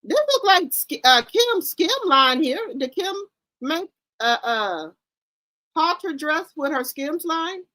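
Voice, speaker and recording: Woman host, casual gossip commentary, blunt and incredulous, pitch leaping all over, fairly high voice. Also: big pitch swings, slow, no room sound. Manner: loud, incredulous exclamations and blunt swearing; talks straight to her viewers.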